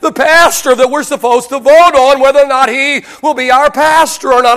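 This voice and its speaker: A male pastor from Oklahoma telling a story in a sermon, animated and self-deprecating, often restarting his sentences. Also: very high voice, moderate pace, few pauses.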